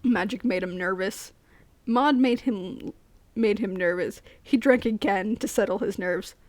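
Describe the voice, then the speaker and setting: A woman's voice: medium pitch, unhurried, no room sound. A woman streaming a live read-aloud of a novel, giggling and stumbling over words. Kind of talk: reading aloud with friends.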